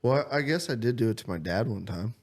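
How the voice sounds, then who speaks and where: A man's voice: medium pitch, expressive, fast, darkish tone. A man co-hosting a podcast in casual, sarcastic, swearing banter. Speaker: podcast co-host. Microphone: studio podcast mic.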